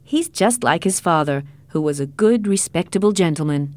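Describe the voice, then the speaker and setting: A woman voicing a fussy, quick-tempered old man who blusters and repeats himself. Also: lowish voice, lively intonation, no room sound, lightly acted. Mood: reassuring.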